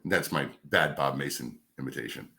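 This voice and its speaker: A middle-aged man, a radio host, telling a career story in a casual, animated way. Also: a bass voice, brisk, vocal fry. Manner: animated anecdote telling with acted-out quotes. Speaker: radio host, podcast guest.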